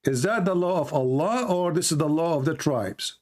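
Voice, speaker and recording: A man with an Arabic accent hosting a heated online debate, hoarse and coughing, pressing the same questions again and again. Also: on the high side, lively intonation, normal speed, darkish tone. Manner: insistent, repeats questions. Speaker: debate host.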